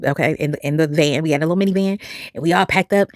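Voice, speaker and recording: A woman, telling a personal story to camera in an animated, expressive way. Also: deep voice, rapid-fire, dry recording, clean studio sound. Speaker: vlogger.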